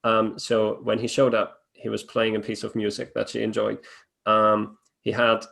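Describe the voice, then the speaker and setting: A man's voice: on the low side, monotone, normal speed, gravelly, fairly bright tone. A man hosting a webinar, talking casually with many fillers and restarts. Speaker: webinar host.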